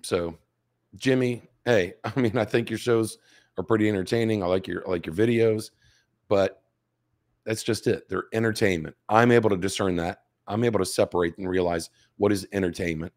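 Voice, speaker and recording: A man in his fifties, a show host, gives emphatic direct-to-camera commentary with rhetorical questions to his viewers, his voice slightly hoarse. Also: on the low side, fairly even intonation, moderate pace, a little mellow. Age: 50s.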